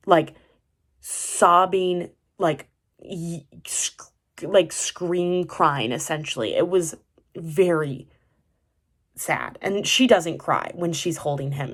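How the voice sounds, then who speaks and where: Low-voiced young woman, rambling chat. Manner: rambling, many "like" fillers and restarts. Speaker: vlogger reviewing a TV drama. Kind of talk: casual chat.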